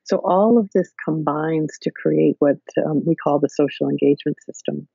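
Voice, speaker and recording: Gravelly, mellow-voiced woman explaining. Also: low-pitched, moderate pace, dry recording, dull audio. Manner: thoughtful, explains in careful steps with many fillers. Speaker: podcast guest, therapist. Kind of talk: explanatory interview talk. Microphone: video call.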